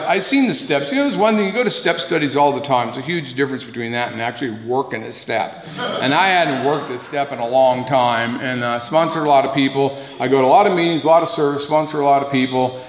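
A man's voice: medium pitch, fairly bright tone. A man speaking at a recovery meeting, giving an earnest, conversational personal testimony, repeating words for emphasis, with wry humor. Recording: echoey hall with faint noise.

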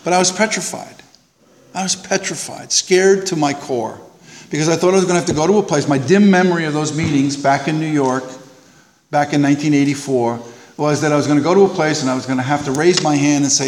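Man, personal story told live, animated, acts out other voices, somewhat high voice, lingering hall reverb. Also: a little fast, slight background noise. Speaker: speaker sharing a recovery story.

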